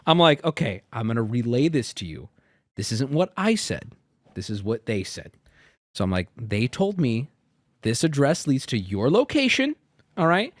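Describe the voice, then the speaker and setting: A man in his thirties telling a long story in a casual, animated way, swearing and acting out the exasperated dialogue. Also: medium pitch, normal speed, no echo, studio quality.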